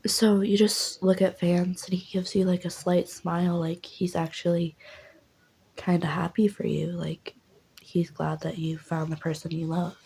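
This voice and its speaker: A woman's voice: lowish voice, little pitch movement, moderate pace, gravelly, dark tone, breathy edge, poor audio. A young woman rambling through a second-person story with many fillers, in whispered role-play.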